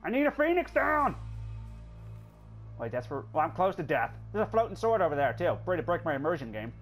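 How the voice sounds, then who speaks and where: A man hosting a let's play, joking, excitable and swearing freely as he comments on a game. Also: fairly high pitch, a little fast, faint music behind. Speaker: gaming channel host.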